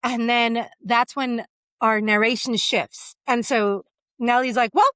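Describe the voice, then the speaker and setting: Young female co-host, animated and playful, slightly high, dry studio read. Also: a little slow, clean tone, dry recording. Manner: animated, acts out characters in quoted asides. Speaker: podcast co-host. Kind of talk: casual book discussion.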